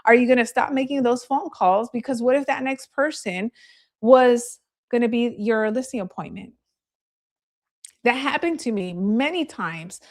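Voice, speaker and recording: A woman's voice: fairly high pitch, measured pace. A woman real estate agent giving a live training, telling candid stories in a chatty way and laughing easily.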